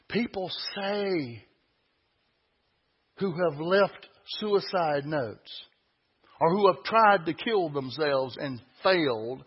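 A man preaching a sermon, folksy and emphatic, building to loud peaks. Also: high voice, animated, slow, slightly rough, highs cut off.

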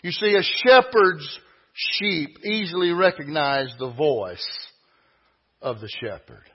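Husky-voiced man preaching a folksy sermon. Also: fairly high pitch, expressive, slow pace. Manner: folksy, rhetorical questions, emphatic preaching. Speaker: pastor. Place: church sanctuary. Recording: dull lo-fi recording.

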